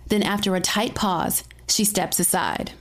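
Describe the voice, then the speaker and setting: A woman reads a first-person story aloud, dramatic and playful in her delivery. Her pitch sits in the middle, neither high nor low. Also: fairly even intonation, measured pace.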